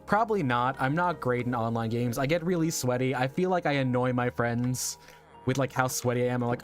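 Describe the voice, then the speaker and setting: A man's voice: medium pitch, fairly quick, faint music behind. A young adult man chatting casually to his viewers during a live game stream, rambling and laughing often, his voice a little strained. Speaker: VTuber streamer.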